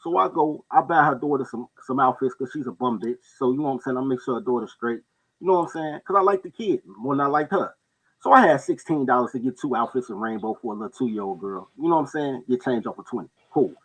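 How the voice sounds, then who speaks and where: On a talk show, a podcast co-host casually spins stories, animated and quick to act out the people in them by jumping into high-pitched voices. The recording is rough, and his voice is slightly rough too.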